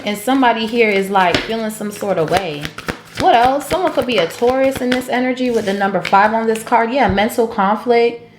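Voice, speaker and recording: Blunt, cursing tarot reader, woman, highish voice, roomy echo with soft music under. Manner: blunt, profane, sings song snippets. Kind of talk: casual tarot reading. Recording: echoey room with faint music.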